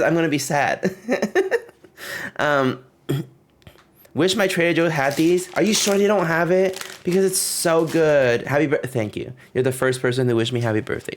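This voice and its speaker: Giggly young man chatting on stream. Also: on the high side. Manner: chatty and giggly, rambling with frequent fillers. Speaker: livestreamer. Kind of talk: casual livestream chat.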